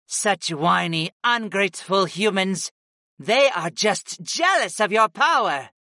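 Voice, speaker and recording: A man voicing a scornful, flattering female monster goddess in an audiobook, in a slow, sneering manner. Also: medium pitch, no room sound, clean studio sound, natural voice. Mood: disgusted. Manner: sneering then meek. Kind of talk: audiobook character voice.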